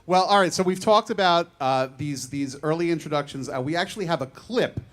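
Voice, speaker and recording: American guy hosting, highish voice, jokey, lots of ums. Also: brisk, fairly bright tone, a little hiss or hum. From United States. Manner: joking, rambling questions with fillers. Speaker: interviewer host. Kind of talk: casual onstage interview.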